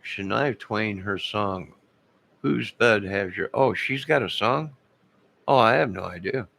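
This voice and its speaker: A man's voice: lowish voice, measured pace, vocal fry, fairly bright tone. A man in his fifties chatting live with viewers, rambling and losing his train of thought. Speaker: live streamer.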